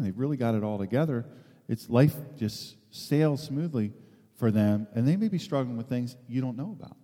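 Man preaching, casual rambling sermon, mellow dark voice, long hall reverb. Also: medium pitch. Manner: rambling, conversational, with many restarts. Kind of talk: informal sermon.

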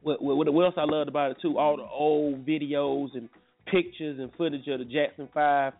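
A laid-back man hosts a casual morning talk show, often repeating himself as he talks. His voice sits a little high for a man. It comes through a tinny phone line with faint music behind. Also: fairly even intonation, moderate pace. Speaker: host. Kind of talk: casual chat.

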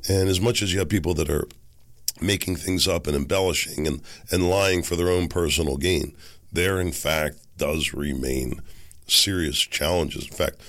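Raspy sick guy hosting a solo podcast, real low gravelly voice, hoarse. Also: moderate pace, a bit bright, no room sound, studio quality. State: hoarse from a cold. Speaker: podcast host.

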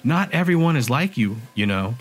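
A man voicing a sharp-tongued young woman bartender and hacker, talking bluntly and casually in an audiobook. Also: mid-range voice, big pitch swings, moderate pace, slightly rough. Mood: reproachful.

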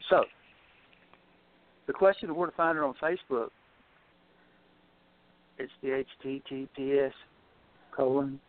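A man calling in to a radio show, reading a poem in a measured way and then joking in a friendly tone with the host. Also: mid-range voice. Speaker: caller. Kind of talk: poetry reading and casual chat. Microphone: phone. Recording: tinny phone line.

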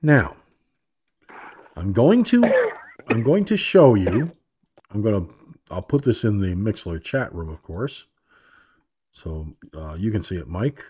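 Slow, rambling talk show man. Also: on the low side, big pitch swings, breathy edge, dull audio. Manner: rambling, sarcastic, repeats himself. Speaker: internet radio talk show host. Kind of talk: opinionated political monologue.

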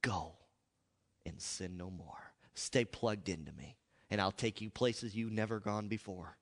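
A preacher putting on a gentle, loving Jesus. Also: male voice, lowish voice, moderate pace, lightly acted. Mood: tender. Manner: soft, gentle, pleading. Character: tender, loving adult male Jesus. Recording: echoey hall.

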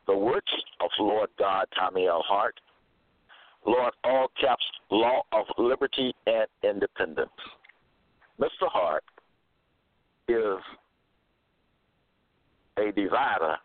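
A man giving a slow, repetitive religious monologue, halting with fillers and stressing his points. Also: fairly low pitch, no room sound. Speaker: self-styled preacher. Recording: tinny phone-like dry recording.

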